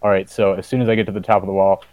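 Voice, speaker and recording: A man's voice: deep voice, little pitch movement, racing, a little mellow, no room sound. A man playing a tabletop game, laid-back and a bit hesitant. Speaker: player. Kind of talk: casual tabletop play.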